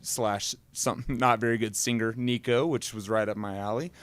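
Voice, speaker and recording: A man, a guest musician and advice columnist, chatting in a rambling, deadpan way and laughing at his own jokes. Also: mid-range voice, moderate pace, clean tone. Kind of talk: casual live talk-show chat.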